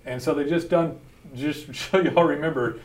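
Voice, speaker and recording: A man's voice: on the high side, normal speed. A man, hosting a podcast and telling stories about founding his company in a blunt, folksy way, laughing often. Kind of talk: casual storytelling chat.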